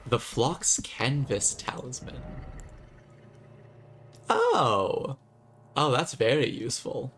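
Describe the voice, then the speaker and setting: A man's voice: medium pitch, measured pace, hardly any pauses, a bit bright, slight background noise. A man streaming a video game and chatting to viewers with sarcastic, jokey asides. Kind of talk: live gameplay commentary.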